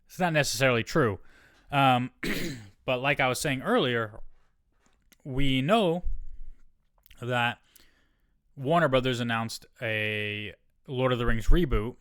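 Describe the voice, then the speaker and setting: A man talks casually on his own podcast in a smooth, clear voice, reading an article aloud and wandering into asides. He often stops to second-guess and correct himself. The recording is close and dry. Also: mid-range voice, slow pace, long pauses, fairly bright tone, no echo. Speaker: solo podcast host. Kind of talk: casual solo podcast talk.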